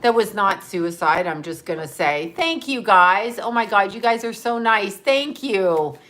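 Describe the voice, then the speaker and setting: A livestream host with a medium-pitched, slightly bright voice chats casually at a measured pace, her intonation lively. She swears freely, laughs often, and reads viewers' comments aloud, thanking them by name.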